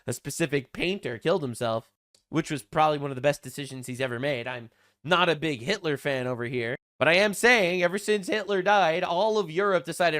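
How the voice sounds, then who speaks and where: A man's voice: a little high, a little fast, a bit bright. A young adult man giving casual online commentary, crude and mocking, rambling with lots of fillers. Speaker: commentary channel host.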